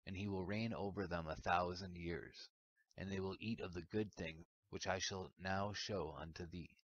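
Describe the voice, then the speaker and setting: A stern, solemn angel explains heavenly places in a grave, instructive tone, read by a man. The voice is very low. The recording sounds dull and lo-fi. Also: fairly even intonation, moderate pace.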